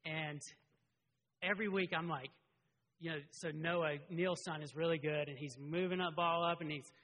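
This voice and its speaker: A middle-aged man preaching a sermon as a pastor, conversational and animated, often restarting his sentences. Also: a little high, normal speed. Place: church sanctuary. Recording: long reverb of a large hall.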